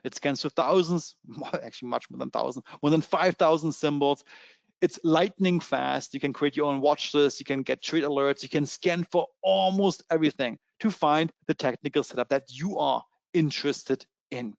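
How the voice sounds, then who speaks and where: A man with a German accent giving a fast, eager sales pitch in a trading webinar, with many fillers. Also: creaky, dry recording, lo-fi sound. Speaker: webinar presenter.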